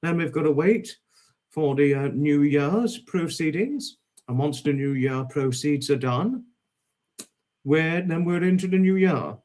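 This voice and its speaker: A man hosting a casual livestream, greeting viewers by name with fond, repeated hellos in a drawn-out way. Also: on the high side, a little mellow. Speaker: livestream host.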